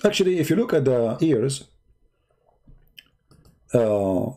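A man hosting a live-stream debate, talking in a sarcastic, mocking, drawn-out way. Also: mid-range voice, sing-song, mellow.

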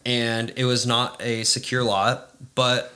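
A man's voice: medium pitch, level tone, takes it slowly, pushed and bright. A man in casual podcast chat, telling rambling anecdotes full of fillers. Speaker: podcast guest.

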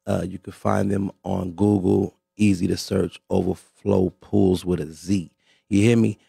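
Raspy low-voiced guy hosting a radio show, real gravelly, chill slangy talk. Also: flat delivery, measured pace, mellow, no echo, clean studio sound. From Las Vegas. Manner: laid-back, slangy, repeats himself.

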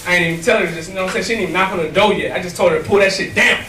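A man's voice: high-pitched, very fast, bright, forceful tone, roomy sound, distant mic, a little hiss or hum. A man doing a crude, rambling stand-up comedy set in a small, nearly empty club, laughing at his own jokes.

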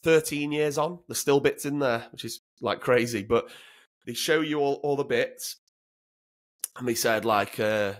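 A British former soldier in his 30s, here as a guest, speaks in a plain medium-pitched voice at a measured pace. He recounts stories casually and bluntly, swearing freely and laughing as he goes.

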